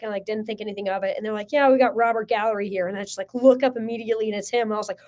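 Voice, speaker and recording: A woman in her twenties, a sports media guest, telling stories in casual podcast chat with lots of "like" and excited bursts. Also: fairly high pitch, rapid-fire, hardly any pauses. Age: 20s. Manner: excited, heavy use of "like", lively storytelling.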